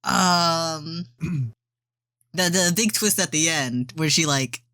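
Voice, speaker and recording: Relaxed jokey podcast co-host, dry sound. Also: medium pitch, no room sound. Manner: relaxed, jokey, quick to laugh. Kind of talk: casual movie discussion chat.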